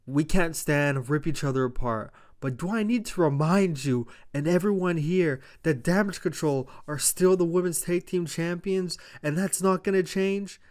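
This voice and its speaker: A man's voice: a little high, darkish tone, pitched above the performer's own voice, lightly acted. A man quoting an angry young female wrestler in a confrontational tone, without fully acting it out. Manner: confrontational, defiant.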